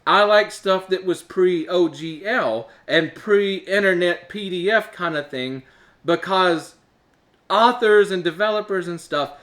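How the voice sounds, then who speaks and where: A man's voice: high voice, slow pace, fairly bright tone. A man with a stuffed-up nose, hosting his own show in casual, rambling chat full of uhs. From Alabama, US. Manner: rambling, chatty, with filler uhs and laughs. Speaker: show host. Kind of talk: casual solo talk to camera.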